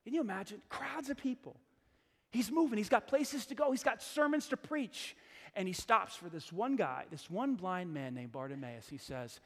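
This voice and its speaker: Middle-aged male pastor with a high voice, conversational and emphatic sermon delivery, long hall echo. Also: animated, moderate pace. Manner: conversational, emphatic preaching with repeated phrases.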